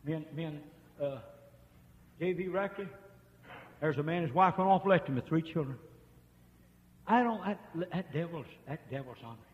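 Man preaching, high-pitched, fervent, dull lo-fi tape, long church reverb. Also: expressive, moderate pace, long pauses. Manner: impassioned, swinging from hushed murmurs to shouts. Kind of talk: revival sermon storytelling.

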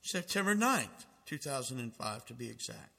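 A man's voice: mid-range voice, sing-song, normal speed, vocal fry, sharp tone, in a large hall. A man preaching a fervent sermon, reading out dramatic quotations with emphasis.

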